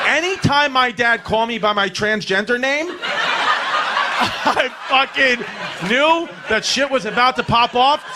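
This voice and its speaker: A male stand-up comedian in a comedy club, telling stories in a loud, rowdy, profane way on a stage mic. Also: very high voice, noisy background.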